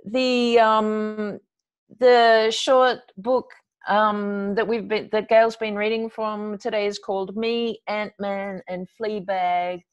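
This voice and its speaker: A woman's voice: mid-range voice, level tone, takes it slowly, clear, resonant tone. Chatty woman hosting an online event. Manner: chatty, encouraging, hesitant fillers. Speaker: host of an online book event.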